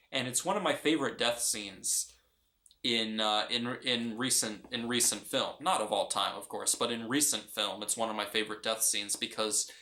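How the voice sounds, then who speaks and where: A man's voice: lowish voice, pushed and bright. A man giving a casual, earnest film review, often restarting and repeating his phrases. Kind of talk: casual movie review vlog. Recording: roomy echo.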